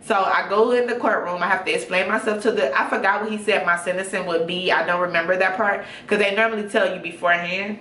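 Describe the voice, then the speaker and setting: A young woman telling a story casually, chatty and animated with lots of fillers. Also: medium pitch, fast talker, few pauses, far from the mic. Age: young adult. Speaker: vlogger. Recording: roomy room, off-mic.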